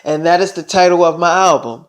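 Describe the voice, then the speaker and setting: A bossy young woman pop star, as a man puts her on, curt and commanding. She gives orders in a high, pushy voice and brooks no questions. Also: fairly quick, lightly acted.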